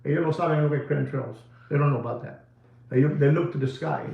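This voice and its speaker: A man's voice: on the high side, quick pace, creaky, echoey room, dull audio. A man hosting a live watch-sale stream, talking in a rambling, emphatic way and repeating phrases over and over.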